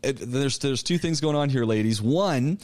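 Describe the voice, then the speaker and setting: A man teaching an online public speaking class, lecturing in an animated, coaching way with frequent restarts. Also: mid-range voice, moderate pace. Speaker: college public speaking instructor.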